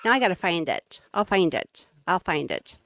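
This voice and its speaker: A woman's voice: lowish voice, big pitch swings, normal speed, crowd noise. A woman with a Midwestern accent, a guest chatting casually and giggling as she tells a story. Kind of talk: casual chat.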